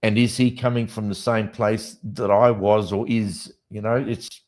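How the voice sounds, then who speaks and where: An Australian man hosting a casual late-night podcast, rambling and joking as he thinks out loud. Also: on the low side, flat delivery, unhurried. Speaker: podcast host.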